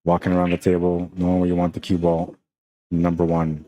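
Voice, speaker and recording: Chill guy w a spanish accent calling pool on a stream, deep mellow voice, says man a lot. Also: completely flat delivery, a little fast. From Canada. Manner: laid-back, chatty, peppered with "man" and "like". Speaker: pool commentator. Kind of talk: casual live-stream commentary.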